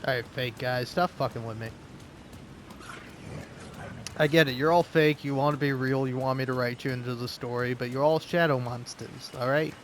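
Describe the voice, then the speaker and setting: A man's voice: mid-range voice, steady tone, normal speed, a little hiss or hum. A man giving casual gaming commentary as a let's play host, rambling, swearing and talking back to the game.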